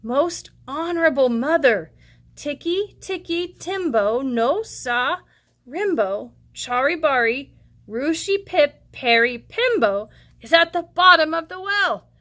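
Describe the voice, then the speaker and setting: A woman's voice: lively intonation, sharp tone, exaggerated voice. Woman doing a breathless little boy. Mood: urgent, pleading. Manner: high, hurried, panting. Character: small breathless boy calling urgently.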